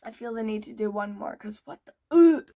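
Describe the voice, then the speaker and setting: A young woman hosting a reaction video, reading posts aloud and breaking in with loud, exasperated outbursts. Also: mid-range voice, level tone, fast, vocal fry.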